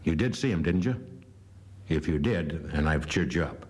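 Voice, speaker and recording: A man in his fifties rambling through a comic cheer-up message, halting with mock earnestness. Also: rumbling low, animated, a little mellow, breathy edge. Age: 50s. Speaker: comedian. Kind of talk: comic recorded greeting.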